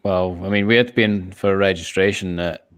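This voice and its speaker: A man's voice: low-pitched, steady tone, fairly quick, smooth, no room sound, studio quality. A man with a Scottish accent, chatting bluntly and casually on a podcast with plenty of swearing. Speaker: podcast co-host. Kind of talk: casual chat.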